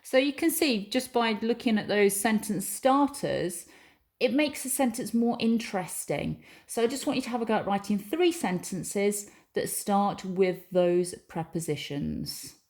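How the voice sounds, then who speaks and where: A woman's voice: medium pitch, animated, measured pace, darkish tone. A woman teacher giving a recorded lesson, patiently reading example sentences aloud and explaining each one.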